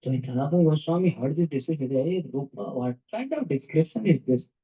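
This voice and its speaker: A man's voice: on the high side, lively intonation, warm tone. Storytelling male preacher, muffled recording. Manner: storytelling with many "uh" pauses, acting out quoted lines. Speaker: preacher telling a saint's story. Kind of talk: devotional talk.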